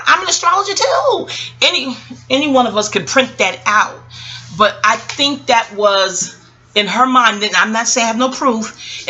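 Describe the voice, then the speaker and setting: A woman's voice: medium pitch, sharp tone. A woman from New York with a New York accent, an astrologer rambling casually to her viewers, digressive and chatty, calling them y'all. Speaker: astrologer and vlogger.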